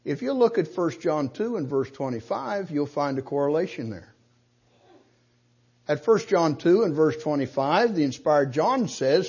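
A man preaching a sermon, slowing down and rising in force when he quotes scripture. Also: fairly high pitch, expressive, darkish tone, breathy edge, highs cut off. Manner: emphatic preaching, slows and rises to quote scripture.

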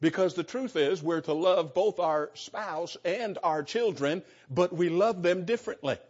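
A man's voice: high voice, measured pace, a little mellow. An older man preaching a sermon as pastor, with an emphatic cadence and repeated words, speaking to his congregation. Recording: dull lo-fi sermon recording.

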